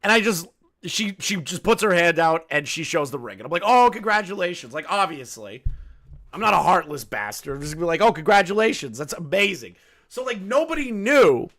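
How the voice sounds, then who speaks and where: A man's voice: a little high, big pitch swings, brisk, pushed and bright. A man commenting casually on a clip and telling stories, loose and profane, laughing often. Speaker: commentary streamer.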